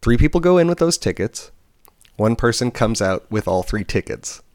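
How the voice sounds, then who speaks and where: In a relaxed podcast chat, a bartender co-host animatedly recounts work stories, putting on voices for the people he quotes. He speaks at medium pitch and a moderate pace, captured in studio quality with no room sound.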